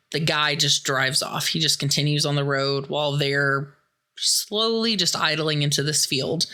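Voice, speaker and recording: Podcast host, woman, Midwestern American accent, slightly low but bright voice, loose chatty recap style. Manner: chatty, lots of "like" and "dude", gets loud and excited. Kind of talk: casual movie recap commentary.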